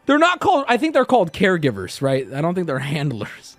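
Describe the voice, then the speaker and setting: Animated, crude-joking male streamer. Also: on the high side, a little fast, no room sound, soft background music. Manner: crude, joking, swings between loud rants and mumbles. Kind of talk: casual livestream commentary.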